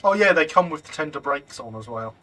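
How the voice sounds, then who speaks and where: A man's voice: a little high, expressive, a little fast, bright, forceful tone. A man hosting a casual gaming stream, joking and reading out chat messages. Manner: jokey, reads out live chat. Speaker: streamer host.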